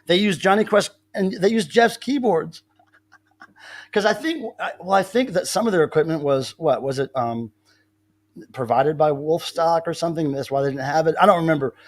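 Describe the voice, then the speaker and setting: A man's voice: fairly high pitch, normal speed. A man hosting a casual live stream, telling rambling stories with many restarts. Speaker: livestream host.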